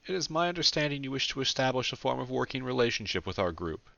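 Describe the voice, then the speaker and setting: A man voicing a tense, formal male alchemist leader in an audiobook, forcing a calm manner. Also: mid-range voice, fast, gravelly, dry recording, dull audio, voice pushed up, full character voice. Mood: forced calm.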